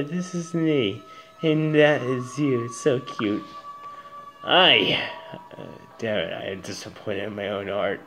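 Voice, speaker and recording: A man casually commenting while playing a video game, excitable and swearing freely. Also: a little high. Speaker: let's play host.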